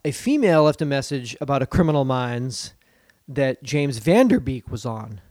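A man's voice: mid-range voice, animated, moderate pace, darkish tone, no echo. A man co-hosting a podcast in casual chat, rambling and joking with plenty of swearing. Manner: profane, rambling, jokey. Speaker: podcast co-host.

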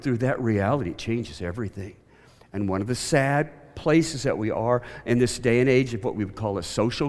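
A man from Oklahoma preaching a sermon, emphatic, moving between loud declarations and quiet asides. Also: fairly low pitch. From Oklahoma, USA. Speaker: pastor.

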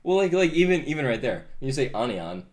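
A man's voice: mid-range voice, big pitch swings, quick pace. A teenage American man in casual chat, rambling with many fillers and restarts and laughing often. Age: teens.

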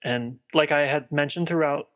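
A man's voice: on the high side, fairly even intonation, normal speed, a bit bright. A man co-hosting a podcast, chatting casually about a film in a rambling way, full of fillers and restarts. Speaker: podcast co-host.

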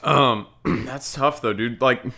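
A man's voice: medium pitch, slow pace, vocal fry, bright, forceful tone. A young man co-hosting a podcast, casually chatting and laughing along in short, laid-back reactions. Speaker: podcast co-host. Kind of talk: casual chat.

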